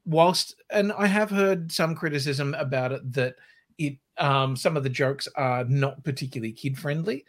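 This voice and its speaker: A man in his forties co-hosting a podcast in casual, relaxed chat. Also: fairly high pitch, moderate pace. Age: 40s. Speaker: podcast co-host.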